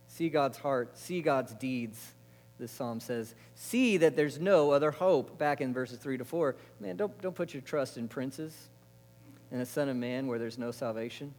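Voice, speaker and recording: A man preaching a sermon, asking the congregation questions and answering them himself, moving between emphatic lines and quiet, intimate ones. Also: mid-range voice, unhurried, faint music behind. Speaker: pastor. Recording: long reverb of a large hall.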